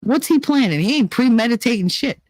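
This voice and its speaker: On a dry recording, a streamer with a voice on the high side recounts a story briskly in a casual chat. Her delivery is animated and emotional, with quoted lines acted out.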